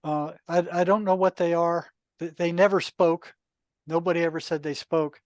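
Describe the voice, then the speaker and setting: An older man, a retired therapist, telling anecdotes in a relaxed, conversational podcast interview, full of asides. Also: fairly high pitch, moderate pace, no echo. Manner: relaxed, anecdotal, many asides and "you know". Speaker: podcast guest, retired psychotherapist. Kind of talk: casual storytelling.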